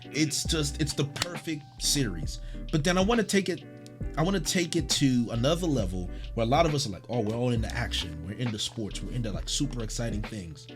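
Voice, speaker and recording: A man hosting a casual podcast chat, animated and emphatic, swinging between hushed and shouting. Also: medium pitch, a little fast, over music. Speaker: podcast host.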